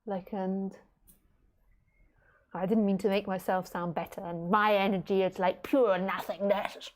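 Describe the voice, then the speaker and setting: A middle-aged woman teacher giving a casual online talk from home, chatty and warm with her listeners, laughing easily. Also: mid-range voice, steady tone, measured pace. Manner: chatty, laughing, baby-talks to her pet. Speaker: spiritual teacher.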